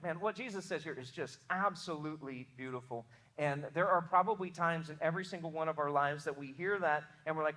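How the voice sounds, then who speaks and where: A young adult pastor with a Southern American accent, preaching a sermon in an earnest, emphatic way, often restarting words. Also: male voice, a little high, a little fast, hardly any pauses, sharp tone.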